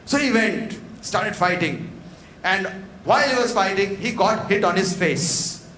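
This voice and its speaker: A man's voice: high-pitched, animated, measured pace, a bit bright. A man giving a motivational talk, telling a story dramatically and acting out its dialogue in a large event hall. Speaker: motivational speaker. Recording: echoey hall with faint noise.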